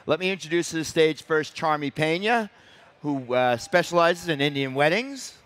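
A man's voice: fairly high pitch, lively intonation, normal speed, a bit bright, no echo. A man moderating a stage panel, giving friendly, somewhat rambling introductions and questions. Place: event stage before a crowd.

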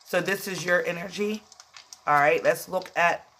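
A woman's voice: lowish voice, moderate pace, a bit bright, slight background noise. Emotional chatty woman tarot reader. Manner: chatty, emotional, calls listeners "child". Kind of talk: casual tarot reading.

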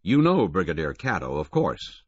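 A deep-voiced, formal racing official in an audiobook, as a male reader puts him on. He speaks in a low, husky voice that lifts and falls with expression, in a dry, dull recording. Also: wildly swooping pitch, moderate pace, a little mellow, dry recording, exaggerated voice.

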